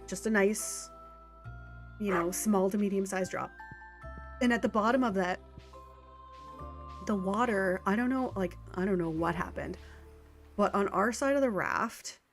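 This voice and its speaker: While playing a farming game on stream, a Canadian woman talks in an easy, mid-range voice, her casual chat wandering between thoughts with fillers, asides, and quick laughs. Soft game music plays quietly underneath.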